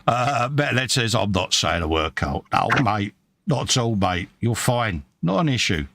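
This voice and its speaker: With background noise behind him, a middle-aged man with a British accent co-hosts a live modelling stream, reading chat aloud and building a model kit while joking about himself. His lowish voice is creaky, swings widely in pitch and keeps a normal speed.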